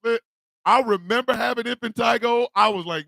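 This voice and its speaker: A man's voice: very high-pitched, moderate pace, vocal fry, dry recording, clean studio sound. A man hosting a morning radio show, telling a loose, profane story with laughter and acted-out family lines. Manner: animated, laughing, swearing, acts out his family members. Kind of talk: casual storytelling monologue.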